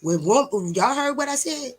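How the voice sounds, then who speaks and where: A woman's voice: sits high, animated, moderate pace. A woman delivering a preachy monologue straight to her viewers, blunt and emphatic, swearing, repeating words for stress and taunting them with rhetorical questions. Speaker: self-styled teacher addressing viewers. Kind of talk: preachy direct-to-camera monologue.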